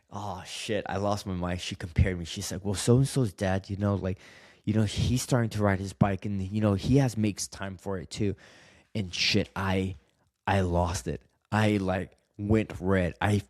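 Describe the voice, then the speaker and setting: A man's voice: on the low side, a little mellow, no room sound, studio quality. Candid man telling a raw story. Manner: candid, swears often, many fillers. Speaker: podcast guest. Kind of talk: emotional personal story.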